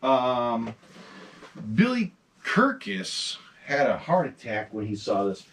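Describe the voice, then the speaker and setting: A man casually showing off his mask collection, talking excitedly in a rambling way and swearing now and then. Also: medium pitch, takes it slowly, husky. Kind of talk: casual show-and-tell vlog.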